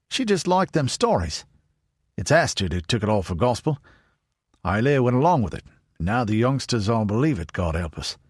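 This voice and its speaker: A man voicing a big, burly, older ranger, gruff and teasing. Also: mid-range voice, dry recording, studio quality, voice pushed up.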